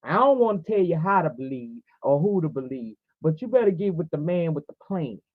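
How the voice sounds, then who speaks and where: A woman's voice: low voice, big pitch swings, a little fast, no echo. Fervent preachy woman on tinny audio. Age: 40s. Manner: fervent, preachy, addresses viewers directly. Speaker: livestream host. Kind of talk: preaching livestream talk. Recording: tinny phone-like audio, dry.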